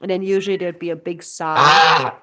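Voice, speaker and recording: A pet goose vlogger in her thirties speaks in a lowish, sharp-toned voice at a moderate pace. Outdoors by her backyard coop, she rambles casually while putting the birds to bed, stopping now and then to coo bedtime words at them.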